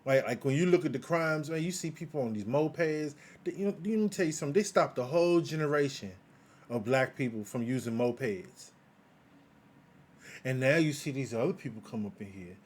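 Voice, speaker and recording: A man's voice: medium pitch, lively intonation, brisk. A man from the United States giving heated political commentary in a live audio chat room, emphatic and repetitive, posing rhetorical questions. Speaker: guest commentator.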